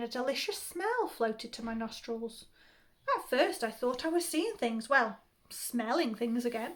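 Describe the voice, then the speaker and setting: Brief: a teacher reading a comic children's story aloud, high-voiced and playful. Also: female voice. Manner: animated, playful comic timing. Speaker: primary school teacher.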